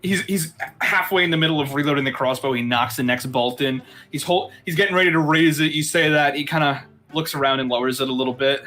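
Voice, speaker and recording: Bright-voiced male game master. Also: on the high side, fast talker, hardly any pauses. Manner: casual, with frequent fillers. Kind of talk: narrating a tabletop game.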